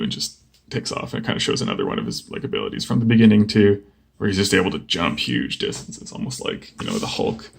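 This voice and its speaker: A young man casually flipping through a comic book and chatting about each page, relaxed and rambling with lots of fillers. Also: lowish voice, a little fast, vocal fry, a little hiss or hum. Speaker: comic book video host.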